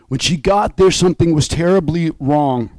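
A man's voice: a little high, normal speed, darkish tone, no room sound, rough recording. A man preaching an emotional, fervent sermon over an online call. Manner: emotional and fervent, voice rising and falling.

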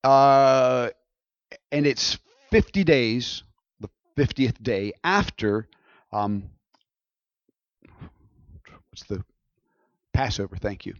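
A man's voice: medium pitch, dry recording, lo-fi sound. A man preaching a sermon in a conversational way, often checking in with his listeners. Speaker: pastor.

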